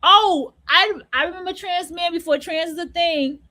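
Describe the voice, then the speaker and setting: A woman hosting an online radio show, talking in a high voice. She tells stories in a blunt, profane, slang-heavy way. The delivery is loose, like a casual monologue. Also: normal speed, bright, forceful tone. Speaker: host.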